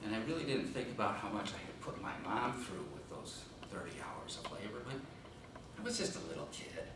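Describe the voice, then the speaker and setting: A man giving a humorous contest speech, telling a comic story in an animated way. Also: on the low side, brisk. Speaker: contest speaker. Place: meeting room. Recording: echoey room, distant mic, noise.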